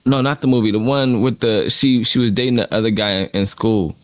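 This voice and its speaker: A man's voice: medium pitch, fairly quick, dry recording. A man co-hosting a casual anime podcast. He reasons through his views in a reflective, slangy way. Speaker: podcast co-host.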